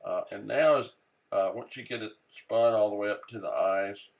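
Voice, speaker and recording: A man casually explaining fly tying step by step, relaxed and unhurried, often pausing on "uh" as he works. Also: fairly low pitch, vocal fry. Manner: relaxed, many "uh" fillers, thinking aloud while working. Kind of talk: casual how-to narration.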